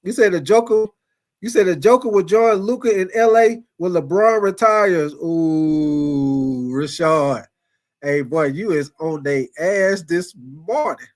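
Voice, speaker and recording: Animated high-voiced man hosting live chat. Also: takes it slowly. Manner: animated, repetitive, laughs often, calls chatters by name. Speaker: sports talk livestream host. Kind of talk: casual live chat reading super chats.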